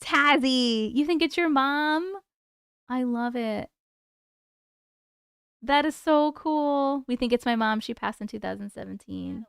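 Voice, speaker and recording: A woman hosting a casual live stream from her desk at home, chatty and excitable, swearing freely. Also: sits high, takes it slowly, creaky, long pauses, smooth, no room sound, clean studio sound.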